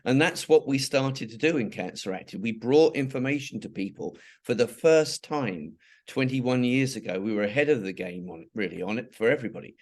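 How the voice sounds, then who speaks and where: A man's voice: medium pitch, animated, brisk, darkish tone. Rambling man telling stories. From England. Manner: rambling, many restarts and asides. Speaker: interviewee, charity founder. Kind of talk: conversational interview storytelling.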